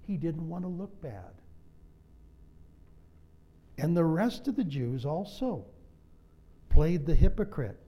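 A man's voice: a little high, big pitch swings, takes it slowly, long pauses, muffled recording. A middle-aged man preaching a sermon in a conversational way, with humorous asides and personal stories. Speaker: pastor.

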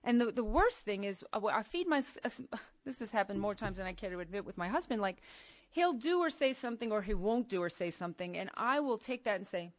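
A middle-aged woman preaching to a women's gathering, emphatic and animated, moving from soft asides to loud outbursts. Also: mid-range voice, a little fast, no room sound. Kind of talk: sermon.

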